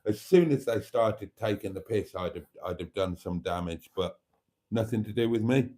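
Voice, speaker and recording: A man's voice: lowish voice, normal speed, warm tone. A man hosting a casual livestream, reading out viewer comments and laughing heartily. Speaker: livestream host.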